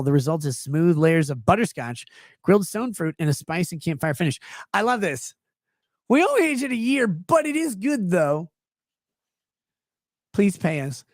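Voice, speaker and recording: A man with a high voice hosts a casual livestream offering legal commentary, reading chat messages aloud and riffing on them with sarcasm. The recording is dry and studio quality.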